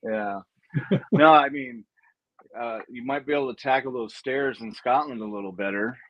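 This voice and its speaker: A man chatting as a guest in a relaxed way, laughing often and filling pauses with "uh". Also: medium pitch, muffled recording, over a noisy crowd. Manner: laid-back, laughs often, hesitant fillers. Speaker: guest, paranormal investigator. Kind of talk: casual chat. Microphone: video call.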